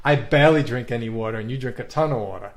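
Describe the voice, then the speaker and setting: A man's voice: mid-range voice, fast talker. Playful male podcast host from Long Island. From Long Island, New York. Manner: playful, animated, laughs often. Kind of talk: casual chat.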